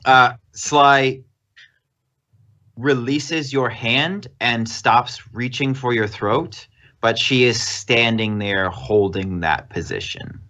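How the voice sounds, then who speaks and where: A man narrating as game master of a tabletop game on a live stream, relaxed and easily laughing. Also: medium pitch, takes it slowly, lo-fi sound.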